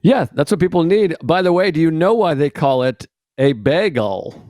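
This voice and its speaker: A man, a comedian guest on a podcast, chatting casually and telling jokes in a dry, deadpan way. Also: a little high, normal speed, no room sound. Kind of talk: casual chat.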